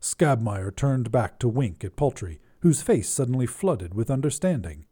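A man narrating a short story and hosting a fiction podcast in an expressive storytelling delivery. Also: medium pitch, moderate pace, crowd noise.

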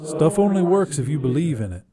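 A man voicing a sly, easygoing male minor demon in a low, relaxed, unhurried voice. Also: a crowd in the background. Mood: smug.

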